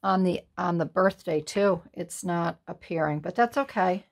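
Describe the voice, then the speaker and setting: Lady doing a card-making tutorial, lowish gravelly voice, kinda just thinking out loud. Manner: thinks aloud, musing and unhurried. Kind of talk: casual crafting tutorial talk.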